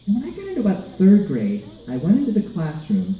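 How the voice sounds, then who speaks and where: A man telling a personal story to children at a live event, animated and asking the audience questions. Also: sits high, brisk. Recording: roomy, distant mic, light background noise.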